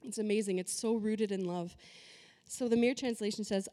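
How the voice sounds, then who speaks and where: A woman's voice: medium pitch, fairly even intonation, fairly quick, mellow, long reverb tail. A woman pastor giving a conversational, emphatic sermon full of rhetorical questions.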